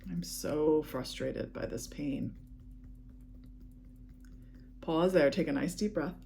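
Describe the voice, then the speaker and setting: A woman leading a guided EFT tapping session, speaking calm, repetitive affirmations. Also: sits low, slow, vocal fry, a little hiss or hum.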